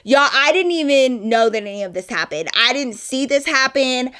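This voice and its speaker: Animated, high-voiced woman telling a story. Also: moderate pace, smooth. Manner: animated, heavy swearing, addresses viewers as y'all. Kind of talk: casual storytime.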